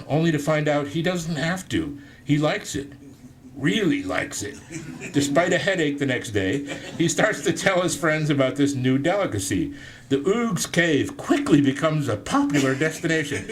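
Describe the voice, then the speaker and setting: Joking man reading his own book aloud. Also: medium pitch. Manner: self-deprecating, joking asides. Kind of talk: live book reading with asides. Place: indoor room with an audience.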